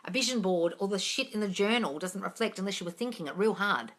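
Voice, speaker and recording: A woman hosting a live manifesting Q&A over a phone, answering viewer comments bluntly, swearing freely and calling people darling. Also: quick pace. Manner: animated, swinging between loud emphasis and low asides.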